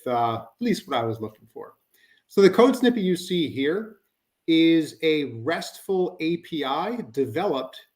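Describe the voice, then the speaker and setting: A man giving a conversational webinar presentation, explaining with frequent fillers like "you know" and "um.". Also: a little high.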